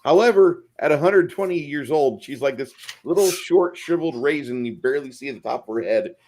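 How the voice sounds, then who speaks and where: A man's voice: on the high side, animated, a little fast, a little mellow. A man chatting casually who shares laid-back anecdotes. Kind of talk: casual chat.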